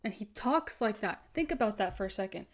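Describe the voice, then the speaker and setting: A woman's voice: mid-range voice, fairly quick. A young woman streaming a video game, chatting animatedly with her viewers and reacting to the story. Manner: animated, chatty, reads game text aloud. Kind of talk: live gaming commentary.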